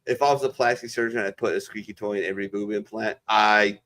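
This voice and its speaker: A man's voice: on the low side, fairly even intonation, quick pace, fairly bright tone. A man who is a former Marine, hosting a casual veterans' chat over a video call and telling stories in a rambling, heavily profane way. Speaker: veteran show host.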